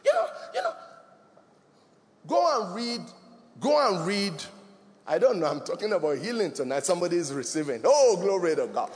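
A middle-aged male pastor preaching a sermon, rising to emphatic shouts and dropping to a hush, in a church hall. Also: high voice, very animated, normal speed. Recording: long echo of a large hall.

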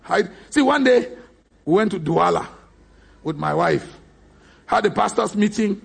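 Raspy, gravelly-voiced preacher man. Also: high voice, lively intonation, unhurried. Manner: emphatic, storytelling preacher who bursts into shouts. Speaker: pastor. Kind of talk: sermon.

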